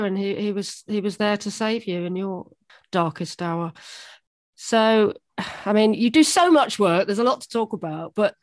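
An interviewer who asks questions gently and attentively. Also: mid-range voice, no room sound. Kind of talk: sympathetic interview.

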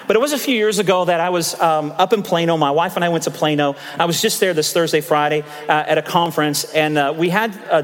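A man in his fifties preaches a sermon in an animated, chatty style, spinning stories and tossing asides to his congregation. His voice sits high for a man and the words come quickly. Long reverb from the church sanctuary trails behind every phrase. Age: 50s. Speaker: pastor.

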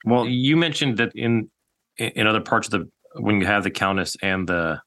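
Brief: male podcast host, very low pitch, bright forceful tone, halting and searching. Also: fairly even intonation. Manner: thinks aloud in halting phrases. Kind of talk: casual chat.

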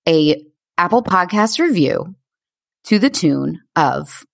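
Steady low-voiced woman podcast co-host. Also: slow pace, creaky. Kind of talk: casual chat.

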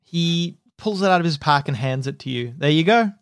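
A man narrating as game master in a relaxed, descriptive way with halting restarts. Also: on the high side, no echo, clean studio sound.

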